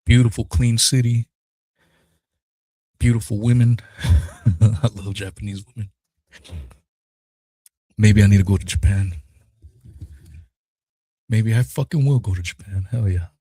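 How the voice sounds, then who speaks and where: A man's voice: on the low side, measured pace, pauses often, dark tone, breathy edge, dry recording. Emotional, cursing man podcasting solo. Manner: raw, emotional, swears freely. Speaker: podcast host. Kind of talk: solo podcast talk, live stream.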